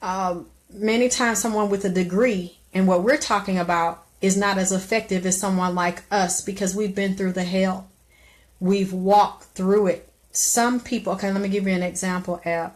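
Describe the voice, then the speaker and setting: A middle-aged woman hosting a live stream, giving blunt, profane advice in a preachy way, breaking now and then into loud exclamations. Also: mid-range voice, fairly even intonation, normal speed.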